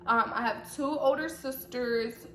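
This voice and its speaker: A woman's voice: a little high, a little slow, a bit bright. A young woman from Atlanta with a slight Southern accent, chatting casually to camera, repeating herself with playful teasing asides. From Atlanta, Georgia. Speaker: vlogger. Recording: echoey room with faint noise.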